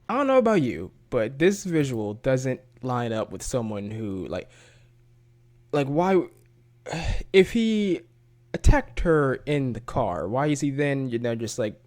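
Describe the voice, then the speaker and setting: A man's voice: a little high, big pitch swings, measured pace, darkish tone. A man making a casual reaction video as a YouTube commentator, chatty and loose with slang, often breaking into laughter.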